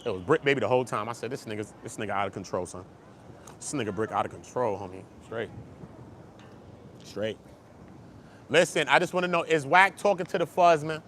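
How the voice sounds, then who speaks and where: A man hosting an online gossip commentary show, talking fast and slangy, swinging from low mutters to loud excited bursts. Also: a little hiss or hum. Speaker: YouTube commentary host. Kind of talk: animated street-gossip commentary.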